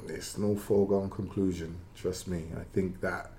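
A man's voice: low-pitched, flat delivery, moderate pace, mellow, a little hiss or hum. A man who is a former footballer, talking football in a matey, emphatic way. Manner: matey, emphatic, laughs easily. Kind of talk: casual football punditry.

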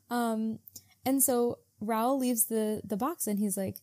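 A woman's voice: on the high side, steady tone, slow, long pauses, mellow, no room sound, clean studio sound. A woman co-hosting a casual book-club podcast, retelling scenes in mock voices and swearing freely. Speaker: podcast co-host.

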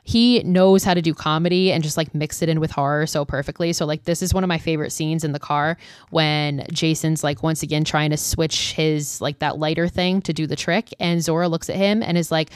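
A woman's voice: low voice, fast talker, darkish tone, no echo, studio quality. A young woman hosting a podcast, recapping a film in a loose, chatty way with lots of filler words and casual swearing. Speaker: podcast host.

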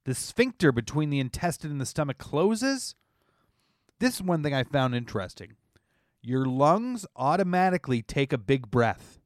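A man's voice: on the high side, big pitch swings, normal speed, dry recording, clean studio sound. Playful man hosting a radio show. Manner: playful, laughs a lot, explains with many "right?" asides. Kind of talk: casual comedic radio banter.

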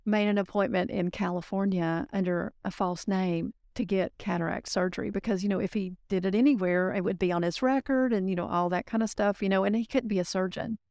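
A woman guest on a podcast, telling client stories in a lively, casual way and acting out the voices of the people she quotes. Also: medium pitch, fairly quick, hardly any pauses, no room sound, clean studio sound. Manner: animated storyteller, acts out quoted voices. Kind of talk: casual interview storytelling.

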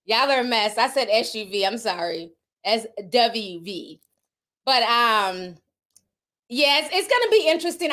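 A woman's voice: a little high, a bit bright. Chatty Southern woman gossiping with her viewers. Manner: chatty, candid, laughs often, reacts to viewer comments. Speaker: livestream host reading chat. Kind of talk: casual celebrity gossip chat.

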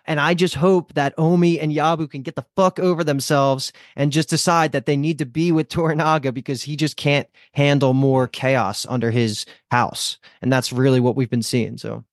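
A man's voice: fairly high pitch, steady tone, normal speed, hardly any pauses, no room sound, clean studio sound. A man hosting a casual podcast discussion, chatty and rambling, swearing now and then. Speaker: podcast host.

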